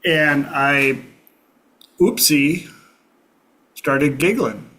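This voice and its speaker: Man, host, slightly high voice, very slow deliberate delivery, reflective. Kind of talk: casual group discussion.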